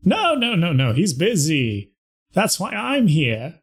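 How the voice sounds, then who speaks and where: A stubborn old man, voiced by a man who drawls each word slowly and condescends to whoever is in front of him. His husky voice climbs high and swoops wildly. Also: huge pitch swings, exaggerated voice. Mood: insistent. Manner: slow, drawling, patronizing. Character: stubborn old man, self-appointed stand-in.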